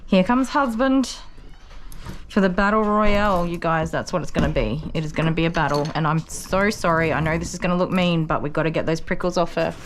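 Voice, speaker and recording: A woman working as a dog groomer, chatting to viewers and explaining each step as she works, with soft cooing asides to a puppy. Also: low voice, quick pace, few pauses, a little hiss or hum. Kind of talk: casual vlog narration while working.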